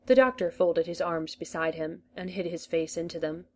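A woman reading a story aloud, in a measured storytelling manner. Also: low voice, steady tone. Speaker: reader. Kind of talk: reading fan fiction aloud.

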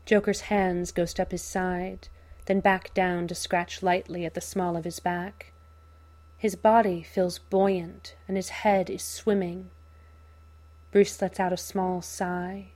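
Slow, low-voiced woman reading a story. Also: flat delivery, a little mellow. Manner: measured, unhurried storytelling. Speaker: narrator. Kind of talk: audiobook reading of fan fiction.

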